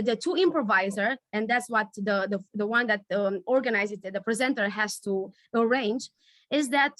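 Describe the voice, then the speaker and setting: A woman leading a storytelling workshop over a video call, searching for words with many pauses and fillers. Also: on the high side, fairly bright tone, no echo, studio quality. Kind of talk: online workshop teaching.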